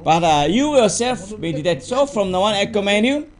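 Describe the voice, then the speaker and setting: A man preaching a teaching sermon in halting English, full of fillers and repeated words. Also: high voice, big pitch swings.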